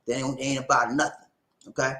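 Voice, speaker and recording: A man hosting a casual livestream and reading out viewer comments, talking in a preachy, animated way and often breaking into laughter and repeated phrases. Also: medium pitch, fast, roomy sound.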